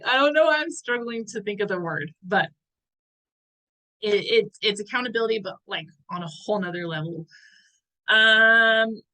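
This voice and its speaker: A woman's voice: medium pitch, sharp tone, low-quality recording. A woman in her thirties giving a motivational talk as a wellness coach, earnest and chatty, sometimes searching for words.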